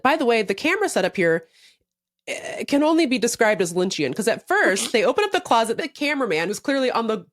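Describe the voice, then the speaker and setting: Lively high-voiced woman podcast co-host. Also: no echo, studio quality. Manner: animated storytelling, acts out quotes, laughs often. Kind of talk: casual chat.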